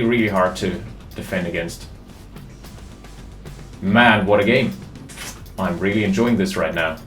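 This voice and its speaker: Excitable male game caster, lowish voice, roomy sound, faint music behind. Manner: excitable, thinking aloud. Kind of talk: live game commentary.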